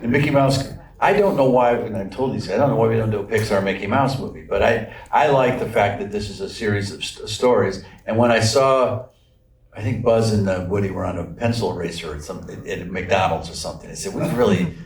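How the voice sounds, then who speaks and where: A man's voice: on the low side, brisk. A man in his sixties on a press panel, answering questions with wry, self-mocking jokes and frequent laughs. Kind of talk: joking press conference answers. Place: large echoey press room. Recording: echoey room, distant mic.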